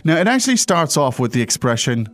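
A man's voice: on the high side, sing-song, fast, a bit bright, soft background music. A man hosting a language-lesson podcast, who explains patiently and keeps checking in with his co-host. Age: adult father.

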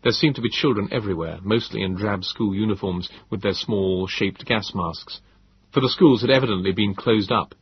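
Very husky low male narrator. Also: muffled recording. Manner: measured, descriptive storytelling. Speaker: audiobook narrator. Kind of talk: scripted narration.

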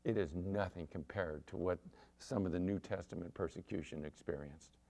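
A middle-aged man, a pastor, preaching a sermon with animated storytelling and acted-out quotes. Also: sits low, moderate pace.

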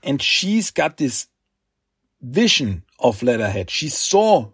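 A man hosting a podcast, recapping a comic book in a rambling, halting way with fillers. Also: mid-range voice, very animated, a bit bright, slightly rough, no echo, studio quality. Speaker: podcast host.

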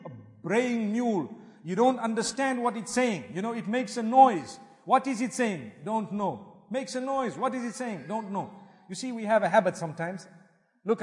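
A man preaching with a high, light voice that rises and falls animatedly. He drops Arabic religious phrases into his English. The sound rings with the long reverb of a large hall. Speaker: Islamic preacher. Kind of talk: sermon.

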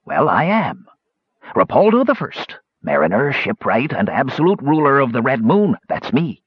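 A man doing a raspy ragged castaway king. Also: medium pitch, wildly swooping pitch, moderate pace, dry recording, pitched above the performer's own voice. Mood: eager. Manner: raspy, eager, nervous. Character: scrawny ragged old castaway self-styled king. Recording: dull lo-fi audiobook recording.

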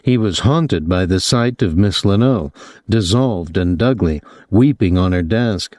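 Low-voiced man narrating an audiobook. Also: lively intonation, measured pace, darkish tone, dry recording. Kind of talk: scripted narration.

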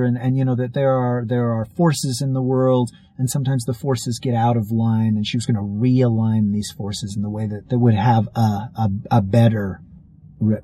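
A man's voice: medium pitch, mellow, dry recording, low-quality recording. A man telling a long story in casual, rambling speech, full of fillers and restarts.

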